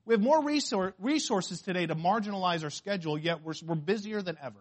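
Casting: male pastor with a high voice, sermon delivery, repeats key phrases, shifts between booming and quiet. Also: fast talker. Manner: preaching with swings from loud emphasis to hushed asides; repeats key phrases, asks the congregation questions.

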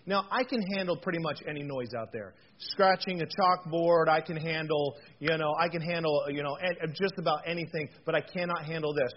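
Man, high voice, pastor, casual sermon, animated and chatty, rhetorical questions, dull lo-fi recording. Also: fairly quick, hardly any pauses. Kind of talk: conversational sermon. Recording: dull lo-fi sound with faint noise.

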